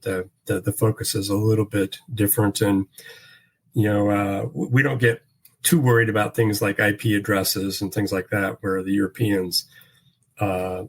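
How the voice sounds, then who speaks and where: A man speaking as a standards expert in a panel discussion, measured, with frequent fillers and restarts. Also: on the low side, husky, rough recording.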